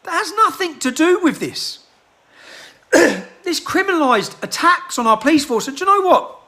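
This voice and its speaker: A man delivering an agitated rant into his handheld phone, firing off rhetorical questions and clearing his throat. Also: very high-pitched, sing-song, moderate pace, bright, forceful tone. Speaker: political activist. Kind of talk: impassioned rant to a phone camera.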